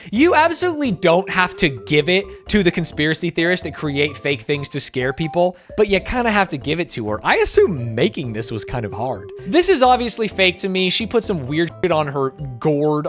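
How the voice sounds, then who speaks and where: An American man reacts to video clips on a stream in casual commentary, joking, swearing and ranting in exaggerated bursts. His voice is a little high and a bit bright.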